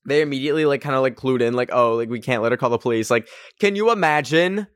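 The speaker is a young Canadian podcast host with a medium-pitched voice, talking quickly in a dry, studio-quality recording. His casual story is animated, packed with "like," and he acts out quotes by raising his voice.

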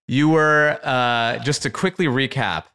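A man's voice: mid-range voice, a little slow, sharp tone, clean tone. Upbeat man hosting a chat podcast. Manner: upbeat, laughs often. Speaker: podcast host. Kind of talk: casual chat.

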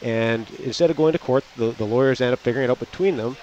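A man in a relaxed radio chat, telling stories and acting out quotes. He sounds a little dull and lo-fi, as if the recording has lost its top end. A faint noise runs under him on an outdoor patio. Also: mid-range voice, fast talker. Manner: chatty, anecdotal, acts out quotes. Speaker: real estate agent guest. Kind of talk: casual radio talk.

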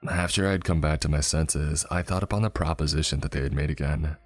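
A man narrating a dark first-person fantasy story in a grave, dramatic way, with faint music behind. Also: a bass voice, fast talker, dry recording.

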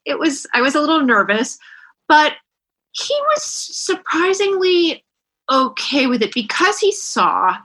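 A woman's voice: high-pitched, sing-song, measured pace, sharp tone. A middle-aged woman author chatting candidly in an interview, self-deprecating, with many restarts. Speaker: author guest. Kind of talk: casual interview chat.

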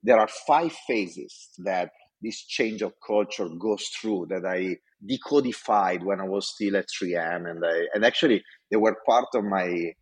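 A man's voice: sits low, unhurried, slightly rough. A man from Italy, a design executive telling a story from his career with passion, in a talk full of restarts. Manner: passionate, animated, many restarts.

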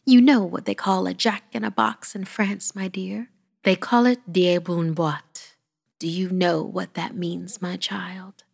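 A frail old grandmother, loving but stern, speaking in soft, solemn tones and turning firm when crossed, as a woman puts her on. Her voice sits low with a gravelly edge. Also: steady tone, a little slow. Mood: solemn tender.

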